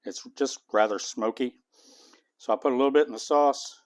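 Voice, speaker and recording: A man's voice: mid-range voice, moderate pace. A man hosting a home cooking video, chatting casually and tasting as he goes. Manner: homey, chatty, talks while eating. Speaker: cooking channel host.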